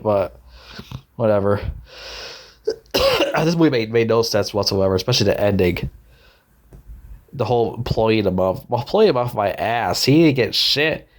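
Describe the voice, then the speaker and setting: A man at an ordinary middle pitch rants about a film he hated. He is sarcastic and swears nearly every line, circling back over the same complaints again and again. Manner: ranting, heavy swearing, sarcastic, repeats himself. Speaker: movie reviewer. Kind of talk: angry profane movie rant.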